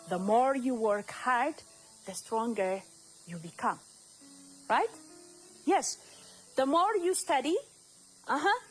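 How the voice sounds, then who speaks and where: Woman from Ethiopia, slow patient teacher voice, faint electrical hum behind. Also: a little high, rough recording. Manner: slow, repeats words, asks the class questions. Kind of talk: recorded grammar lesson.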